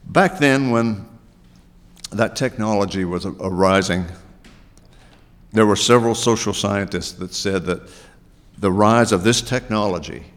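A male pastor preaches in a relaxed, conversational style, posing rhetorical questions. His voice is on the low side, a little slow with long pauses, and a long reverb trails after it as though he were in a big church.

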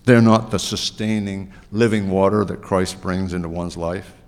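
A man's voice: low-pitched, fairly even intonation, normal speed, darkish tone. A man preaching a sermon as a pastor, chatty, with asides and rhetorical questions to his listeners. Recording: long reverb of a large hall.

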